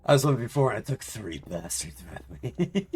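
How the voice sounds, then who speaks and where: A man's voice: mid-range voice, big pitch swings, normal speed, a little mellow, husky. A man streaming a game live, chatting casually in a rambling, self-mocking way and laughing often.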